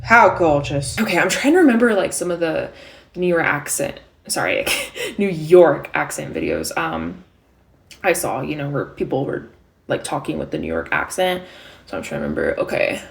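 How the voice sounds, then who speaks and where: A woman's voice: low voice, very animated, moderate pace, gravelly. A young woman vlogging casually, rambling with many fillers and self-corrections. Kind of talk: casual vlog chat.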